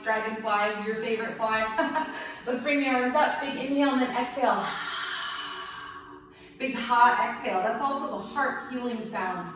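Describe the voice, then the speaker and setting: Playful yoga teacher in an echoey room. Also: female voice, fairly high pitch, normal speed, background noise. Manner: gentle, playful, encouraging with light jokes. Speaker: yoga instructor. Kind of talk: guided yoga class. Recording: very echoey room, mic at a distance.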